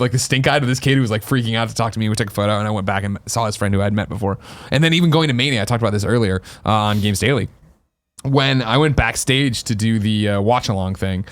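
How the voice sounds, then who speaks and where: A man co-hosting a casual podcast, rattling off stories at a quick clip. He jumps into higher, louder voices to quote people. The sound is dry and close, with no room echo. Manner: fast, animated, acts out quotes in raised voices. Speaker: podcast co-host. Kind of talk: casual storytelling chat.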